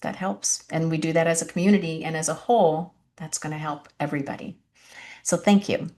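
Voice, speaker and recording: This is a woman hosting a podcast, warm and encouraging as she affirms her guest and thanks her listeners. Her voice sits a little lower than most women's. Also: fairly quick. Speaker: podcast host. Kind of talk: podcast interview talk.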